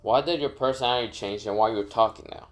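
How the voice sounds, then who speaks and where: A man voicing a calm male master swordsman who questions flatly, in a fan story. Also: mid-range voice, quick pace, lightly acted. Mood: puzzled.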